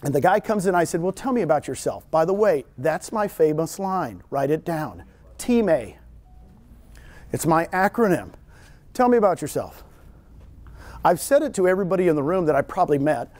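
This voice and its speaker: A middle-aged man with a Texan accent, giving an animated seminar talk to a room of agents and joking with them. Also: fairly high pitch, normal speed. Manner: animated storyteller, jokes with audience. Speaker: real estate trainer. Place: meeting room with audience.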